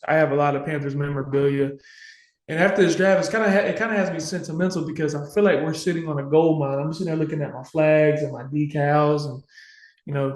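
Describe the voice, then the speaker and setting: A man on a casual sports podcast, with a somewhat high voice, talks with raw passion and emotion and swears freely. He is recorded in a home room with a noticeable echo. He comes across fired up and heartfelt. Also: darkish tone. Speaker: podcast co-host. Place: home room full of memorabilia.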